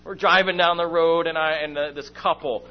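A middle-aged man with a slightly high voice tells a sermon story at a moderate pace during a church meeting. He's a lively storyteller who acts out his own shouting and whispering, and the sermon with personal stories is heard on a dull, lo-fi recording with faint hum.

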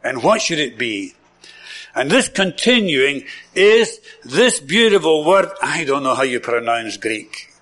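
Lively, slow-paced Scottish preacher man. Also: on the high side. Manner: enthusiastic, repeats words for emphasis, chuckles often. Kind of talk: sermon.

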